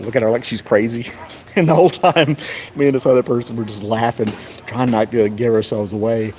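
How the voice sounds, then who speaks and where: A middle-aged man casually telling a rambling story, often chuckling and mimicking others in a high voice. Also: fairly even intonation, fairly quick, a little mellow. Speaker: streamer. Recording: noisy background.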